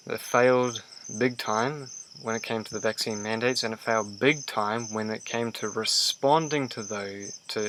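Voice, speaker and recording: A man's voice: lowish voice, sharp tone, a little hiss or hum, rough recording. A man giving a commentary, explaining a church statement in plain, conversational words.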